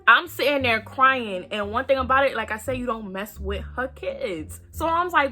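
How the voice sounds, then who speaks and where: A young woman with a bright, forceful, fairly high voice tells a story straight to her viewers. She is animated and freely profane, and she slips into the voices of the people in her tale. Faint music plays beneath her. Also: fairly quick, hardly any pauses. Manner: acts out quoted voices. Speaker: storytime vlogger. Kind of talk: casual storytelling to camera.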